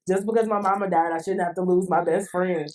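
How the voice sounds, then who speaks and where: A woman guest on a podcast, talking earnestly and lively, often saying "like". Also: on the low side, a little fast. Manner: earnest, heavy use of "like", lively. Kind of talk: conversational podcast chat. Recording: distant mic, roomy.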